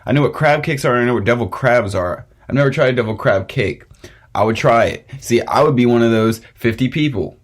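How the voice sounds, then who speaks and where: A man's voice: mid-range voice, brisk. A young man hosting a casual podcast chat, ranting and swearing with frequent laughs. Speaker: podcast host.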